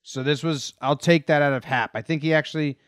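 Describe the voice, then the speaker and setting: A young man co-hosting a podcast, joking and telling animated stories about a baseball game. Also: a little high, brisk, clear, resonant tone, dry recording, clean studio sound. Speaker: podcast co-host. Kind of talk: casual sports chat.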